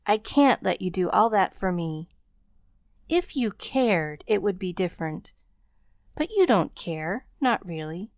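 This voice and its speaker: A woman's voice: medium pitch, sing-song, unhurried, no echo, studio quality. A woman voicing a proud, crippled poor boy in a storybook, speaking in a choked, faltering way with slangy speech. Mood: tearful.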